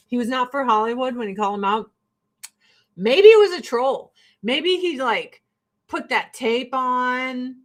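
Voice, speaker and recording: A woman from the rural Midwest talks casually to her viewers while she gets ready, in a fairly high voice. She is blunt and swears freely, and she laughs often. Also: expressive, unhurried. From rural Illinois, US Midwest. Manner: blunt, profane and chatty, with frequent laughs. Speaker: vlogger and host. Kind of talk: casual get-ready-with-me chat.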